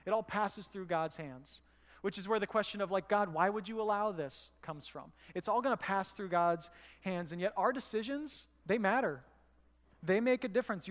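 A pastor delivers a sermon in church, his high voice fairly bright and carrying the sound of a big room. His style is casual and conversational, full of stories and quotes he acts out.

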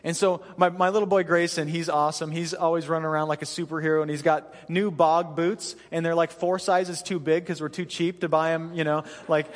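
A man in his thirties preaching a sermon as pastor, telling self-deprecating stories in an animated way that breaks into laughter. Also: a little high, fairly quick, hardly any pauses, in a large hall. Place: church stage.

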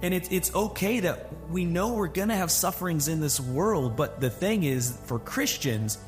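A man's voice: a little high, lively intonation, moderate pace, faint music behind. A man, a pastor, speaking in an encouraging, earnest way in a conversational sermon.

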